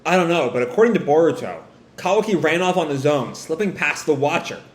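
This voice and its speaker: A man's voice: a little high, expressive, fairly quick, natural voice. A man voicing a stern adult village leader and father, giving firm commands. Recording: roomy echo.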